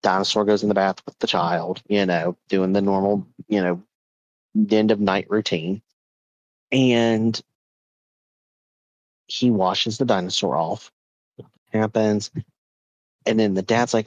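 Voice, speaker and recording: Low-voiced man telling a ghost story. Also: fairly even intonation, slow, pauses often, darkish tone, dry recording, highs cut off. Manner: rambling, with many repeats and fillers. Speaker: podcast host.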